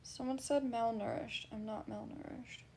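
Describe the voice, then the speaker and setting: A woman streamer reads her chat aloud and answers it in a casual, blunt way, laughing often and cursing freely. Her voice sits fairly high, with a gravelly, fry-edged texture, and a faint low rumble underneath. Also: steady tone, normal speed, a little mellow. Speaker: livestreamer. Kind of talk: casual livestream chat reading.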